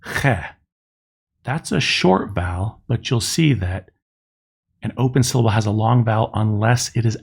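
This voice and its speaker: A middle-aged man gives a recorded classroom lecture, breaking ideas into small steps and pausing over each sound. His voice sits low and carries a gravelly fry. There is a husky edge to his tone. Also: darkish tone. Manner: slow, methodical explaining, spelling out sounds. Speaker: teacher.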